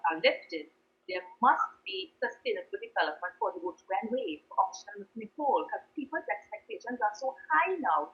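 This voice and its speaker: A woman being interviewed about the events she organizes, telling her stories in an earnest, expressive way. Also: medium pitch. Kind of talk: interview conversation. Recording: echoey, distant, dull lo-fi sound.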